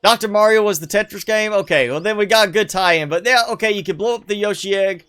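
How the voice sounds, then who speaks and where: A man's voice: high-pitched, fast talker, sharp tone, smooth. A man casually commenting on a player-built game base on a live stream, rambling and poking fun at himself. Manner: chatty, rambling, self-deprecating, chuckles often. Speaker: streamer showcasing player builds.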